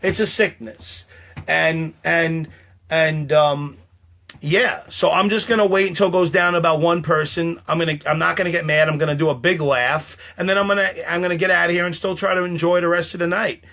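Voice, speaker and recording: A man's voice: a little high, steady tone, a little fast, sharp tone. A middle-aged man talking alone on a live stream, rambling and defensive, repeating himself and insisting he is not mad. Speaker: livestreamer.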